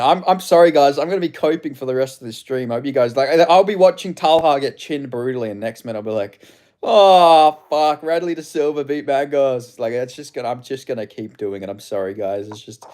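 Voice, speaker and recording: A man's voice: mid-range voice, fast talker, a little mellow. A man, ranting and swearing indignantly as he hosts a live watch-along stream. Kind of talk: live stream reaction commentary.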